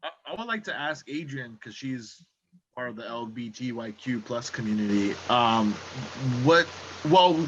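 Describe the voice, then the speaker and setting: Man, bright tense voice, halting questions, dull lo-fi sound with faint noise. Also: medium pitch. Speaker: co-host. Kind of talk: casual panel chat.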